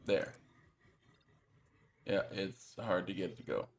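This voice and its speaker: A man's voice: low voice, slow pace, slight background noise. A man co-hosting a game stream, reading viewer comments aloud and giving building tips in casual chat.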